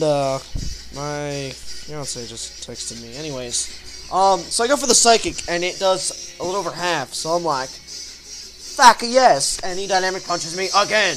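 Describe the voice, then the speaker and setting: A young man giving excitable, slangy commentary over a recorded game battle, yelping his reactions. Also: fairly high pitch, moderate pace. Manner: excitable, yelps reactions and swears. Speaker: gaming channel host. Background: faint metal music.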